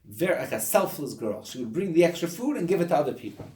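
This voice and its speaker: A man, a rabbi, teaching a study group in an animated way, acting out the voices of the people he talks about. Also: fairly high pitch, fast, reverberant, a little hiss or hum.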